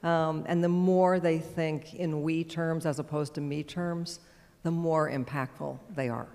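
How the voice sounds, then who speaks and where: A woman speaking as a board chair on a conference panel, measured and gracious, with frequent "um" and "uh". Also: sits low, fairly even intonation, darkish tone. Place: large conference hall stage. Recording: long hall reverb.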